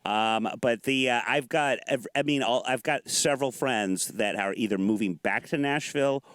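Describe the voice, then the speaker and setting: A man's voice: mid-range voice, a bit bright, dry recording. A man hosting a casual morning talk show in a studio, joking and rambling between questions. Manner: joking, rambling, quick asides. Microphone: studio mic.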